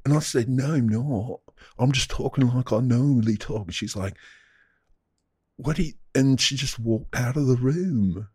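Deadpan man on a comedy podcast. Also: medium pitch, moderate pace, slightly rough, no echo, studio quality. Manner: deadpan, mock-serious rambling. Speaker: podcast co-host. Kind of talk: casual comedic chat.

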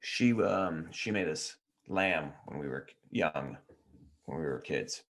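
A man's voice: extremely low pitch, takes it slowly, a bit bright. A man co-hosting a podcast, teasing his friend and telling dry, rambling stories in casual banter. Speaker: podcast co-host.

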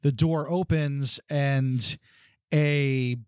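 A man's voice: mid-range voice, steady tone, extremely slow, smooth, no room sound, clean studio sound. A man narrating as game master of a tabletop game, telling the scene loosely with many fillers.

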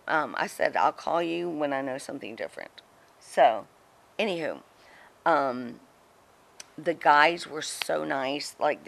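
A middle-aged woman telling a story in a casual interview, animated and chatty, acting out what others said. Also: deep voice, vocal fry. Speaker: guest, former wrestling personality.

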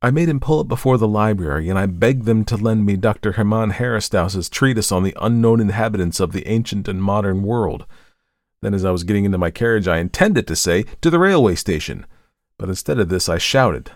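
Guy reading a story real intensely, dry close sound, kinda gravelly. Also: lowish voice, brisk, no echo. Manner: intense, swings from hushed dread to anguished outbursts. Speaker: story reader. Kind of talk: dramatic first-person story reading.

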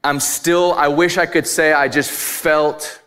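Male pastor with a slightly high voice, candid and emphatic, telling a personal story from the pulpit. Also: steady tone, slow pace, a bit bright, clear, resonant tone. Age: adult, married. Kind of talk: sermon.

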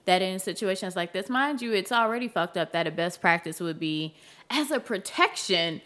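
Lively, bright-voiced woman chiming in. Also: mid-range voice, moderate pace. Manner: chiming in with commentary. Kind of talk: casual chat.

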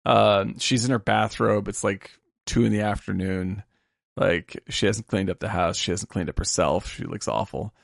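A man's voice: lowish voice, fairly even intonation, normal speed, vocal fry, no echo, clean studio sound. A man co-hosting a casual film podcast, retelling scenes with feeling and swearing freely. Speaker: podcast co-host.

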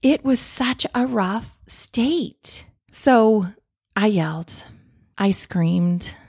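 A woman's voice: mid-range voice, lively intonation, drawn-out words, gravelly, a little mellow, breathy edge, no room sound, clean studio sound. A woman, a mother, telling an earnest, self-reflective personal story in a candid, confessional way.

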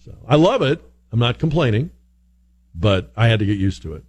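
A male radio talk host from the northern United States speaks in a casual, chatty way. His pitch moves a lot as he spins anecdotes and now and then mimics other people's voices. He is recorded in a studio. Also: normal speed, gravelly, long pauses, breathy edge. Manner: chatty, animated, mimics voices mid-story.

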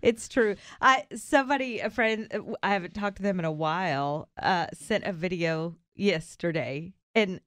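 A woman with a Southern US accent hosting a Christian morning radio show, animated and often laughing. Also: fairly low pitch, normal speed, hardly any pauses, dry recording, clean studio sound. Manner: animated and laughing, reads devotionals. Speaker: radio host.

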